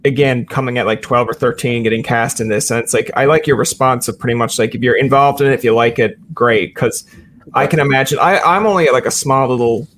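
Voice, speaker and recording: A man's voice: mid-range voice, fast, a bit bright, a little hiss or hum. A male podcast host asking rambling, hesitant questions in a casual interview.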